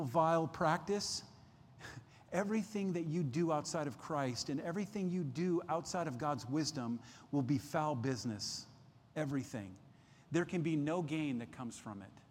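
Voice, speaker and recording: A man's voice: normal speed, a little mellow. Emphatic preaching man in reverberant hall. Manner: emphatic preaching with rising pitch and volume, many restarts. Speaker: pastor. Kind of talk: sermon. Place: church sanctuary.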